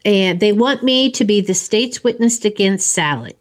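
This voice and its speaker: A woman's voice: mid-range voice, expressive. A woman casually retelling a movie plot in a chat, slipping into the characters' lines as she goes. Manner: slow, storytelling with acted quotes.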